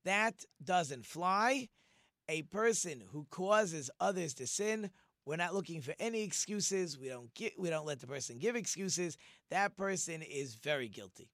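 A man teaching an informal Torah lesson, animated and acting out the quoted speech of the figures he discusses. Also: fairly high pitch, a little slow, no room sound, clean studio sound. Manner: animated, acts out quoted speech in different voices.

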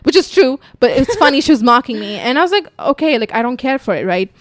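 A young woman chatting casually, telling a story bluntly with lots of swearing and an animated delivery. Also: sits high, fast talker, dry recording. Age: young adult. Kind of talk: casual chat.

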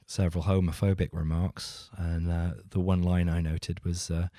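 A man's voice: sits low, dark tone, no echo. A man from England co-hosting a casual film discussion, hesitant with many fillers and dry humor. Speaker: film podcast co-host.

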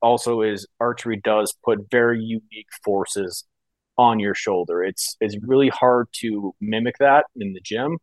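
A man co-hosting a podcast rambles casually through a personal story, scattering fillers like "you know" and "like." His voice is fairly low and a little slow, with no room sound.

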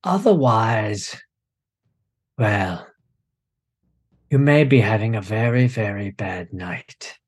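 Slow husky male game master. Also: fairly low pitch, animated. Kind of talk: narrating a tabletop game.

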